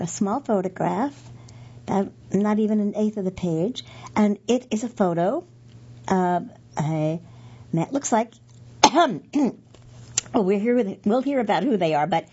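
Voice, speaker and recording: Slow, husky woman reading aloud. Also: medium pitch, mellow, highs cut off. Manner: slow, careful reading with hesitant fillers and self-corrections. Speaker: reader of a magazine aloud. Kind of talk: reading aloud and describing photos.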